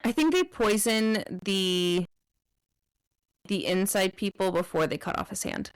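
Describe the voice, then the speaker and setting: A woman co-hosting a casual book podcast, calmly adding details and correcting plot points. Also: medium pitch, smooth, dry recording, low-quality recording. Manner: measured, chiming in with corrections and brief agreement. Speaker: podcast co-host.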